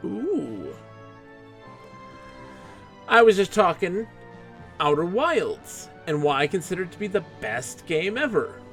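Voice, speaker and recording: A man's voice: high voice, big pitch swings, slow pace, pauses often, a bit bright, faint music behind. A man streaming a game live, chatting in a goofy, joking, self-mocking way.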